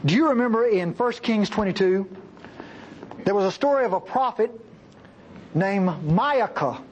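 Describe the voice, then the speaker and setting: A man preaching a sermon with passion, acting out the voices he quotes and jumping between high and low. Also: lively intonation, measured pace, darkish tone, lo-fi sound, a little hiss or hum.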